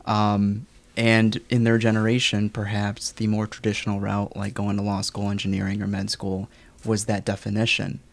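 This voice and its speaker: Host guy with a gravelly lowish voice, lots of little yeahs and thoughtful follow-ups. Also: completely flat delivery, moderate pace. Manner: short reactions and reflective follow-up questions. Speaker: podcast host. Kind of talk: casual interview chat.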